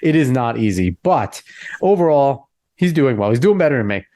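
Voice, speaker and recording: A man's voice: mid-range voice, very animated, moderate pace, dark tone, no echo. A man in his thirties hosting a casual podcast chat, sounding congested and nasal from a cold, chatty and joking. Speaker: podcast host.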